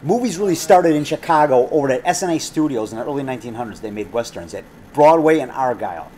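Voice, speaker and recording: A fast-talking maker of low-budget monster movies chats in a restaurant, rambling casually and repeating himself. He jumps between topics and gets excited about old horror films.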